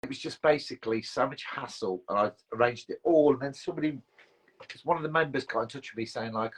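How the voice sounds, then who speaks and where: Husky frontman telling rambling stories. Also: medium pitch, fast talker, poor audio. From England. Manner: rambling storyteller, self-mocking, swears freely. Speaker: band frontman. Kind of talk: casual chat on a livestream.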